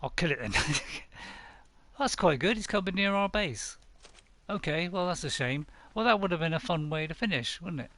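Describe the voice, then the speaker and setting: A man's voice: fairly high pitch, expressive, normal speed, pushed and bright, dry recording. A man chatting casually to viewers while playing a survival game live, rambling and poking fun at himself. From United Kingdom. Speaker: game streamer. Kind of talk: casual live-stream commentary.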